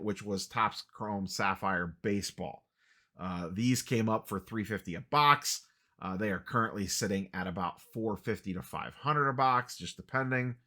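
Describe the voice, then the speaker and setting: A man's voice: mid-range voice, bright, forceful tone. A man hosting a casual sports card market update, talking in a dry, wry, self-deprecating way with lots of "uh" fillers. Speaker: sports card channel host.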